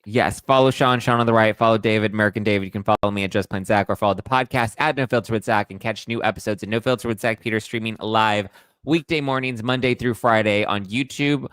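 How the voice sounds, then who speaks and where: A man hosting a casual podcast, talking in a chatty, sarcastic way. His voice sits a little low and sounds smooth and clear. The sound is dry and close. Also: steady tone, fast talker, a bit bright, no room sound. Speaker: podcast host. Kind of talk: casual political chat.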